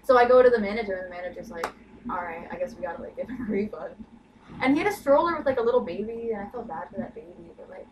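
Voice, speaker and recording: A woman's voice: medium pitch, animated, racing. A young woman telling a work story in casual chat, full of "like" and "you know". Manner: chatty, lots of "like" and "you know". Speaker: podcast co-host. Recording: distant mic with clear background noise.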